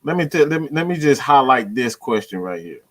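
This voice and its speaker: A man's voice: medium pitch, big pitch swings, fairly quick, fairly bright tone. A man hosting a fan channel, ranting about his team with slang, swearing and lots of repetition. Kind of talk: profane sports fan rant.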